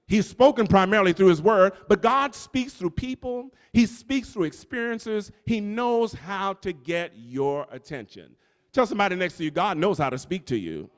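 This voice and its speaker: A high-voiced male pastor preaches at normal speed with lively intonation, calling out to his congregation and repeating important lines. The church sanctuary adds a long reverb.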